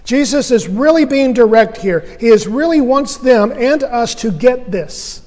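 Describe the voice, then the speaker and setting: High-voiced man preaching a sermon. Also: lively intonation, measured pace, darkish tone, big-room sound. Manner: earnest, emphatic preaching with rhetorical questions. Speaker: pastor.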